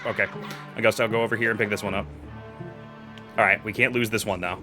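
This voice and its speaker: A young adult man streaming a game live, chatting with his chat and swinging between quiet muttering and loud yelling. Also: on the low side, a little fast, long pauses, over music. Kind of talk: live gameplay commentary.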